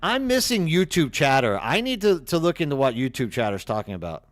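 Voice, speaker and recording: A man's voice: a little high, big pitch swings, a little fast, a bit bright, dry recording, clean studio sound. A man with an East Texas accent, streaming and chatting casually, rambling and reading chat aloud. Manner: rambling, reads chat aloud, trails off and restarts.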